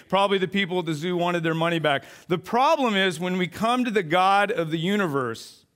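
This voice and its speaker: Youngish pastor guy, fairly high voice, animated jokey storytelling in a sermon. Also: clean tone.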